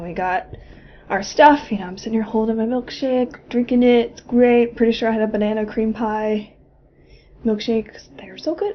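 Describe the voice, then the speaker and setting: A woman's voice: medium pitch, muffled recording, slight background noise. A young woman from Florida telling a personal story in a casual, chatty way, swearing often and laughing as she goes. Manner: chatty, profane, laughing asides. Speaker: vlogger.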